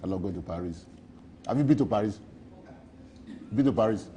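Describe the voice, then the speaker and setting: A man's voice: fairly low pitch, lively intonation, fairly quick, dark tone, slight background noise. Rambling, joking Nigerian man. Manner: playful, rambling and boastful, with repeated phrases. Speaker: interviewee. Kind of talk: joking street interview.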